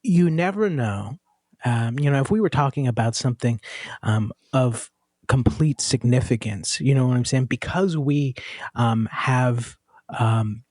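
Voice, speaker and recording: A man speaking as a podcast guest, reflective and earnest, with many fillers and pauses. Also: medium pitch, darkish tone, no echo, studio quality. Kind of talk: casual conversational podcast chat.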